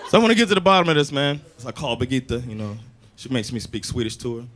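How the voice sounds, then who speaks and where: A man doing a stand-up comedy set, telling animated stories and slipping in Swedish phrases and big impressions. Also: mid-range voice, rapid-fire. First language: English. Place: comedy club stage before a live audience. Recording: live club recording with audience laughter and noise.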